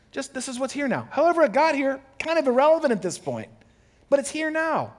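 A man preaching as pastor in a gentle, encouraging, conversational way, acting out a listener's inner thoughts in quoted asides. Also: very high voice, very animated, a little fast. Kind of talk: sermon.

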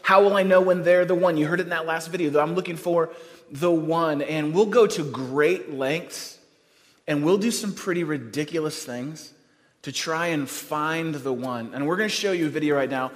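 A man preaching a sermon to a live congregation in a joking, conversational way with quick asides. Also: fairly high pitch, fairly bright tone, long reverb tail. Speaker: pastor. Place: church hall.

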